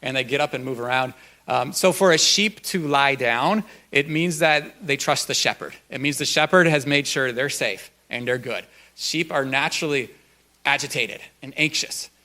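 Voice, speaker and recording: A man's voice: medium pitch, moderate pace, sharp tone. A male pastor giving a conversational sermon at a church, folksy and loose, with frequent ums and uhs.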